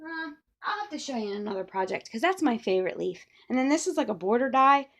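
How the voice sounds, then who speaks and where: A woman's voice: on the high side, sing-song, brisk, vocal fry, a bit bright, slight background noise. A middle-aged woman chatting through a papercraft tutorial, rambling with playful asides. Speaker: papercraft demonstrator. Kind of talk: casual crafting tutorial.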